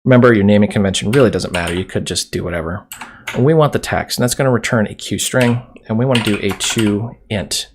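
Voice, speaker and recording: A man with a low, gravelly voice walks through code in a relaxed, chatty way, cracking small jokes as he goes. Keyboard typing and clicks sit behind him over a faint hiss. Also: quick pace. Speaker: programming instructor. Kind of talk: screen-recorded coding tutorial.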